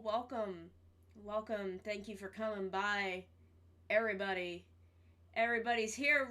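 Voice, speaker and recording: A woman's voice: medium pitch, normal speed, bright, forceful tone. A woman streamer chatting casually to her viewers, swearing freely and repeating her greetings. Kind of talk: casual live-stream chat.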